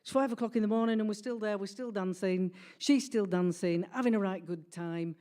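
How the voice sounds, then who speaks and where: A woman, telling a comic family story in a lively, animated way. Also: medium pitch, a little fast. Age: 60s. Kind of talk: personal storytelling.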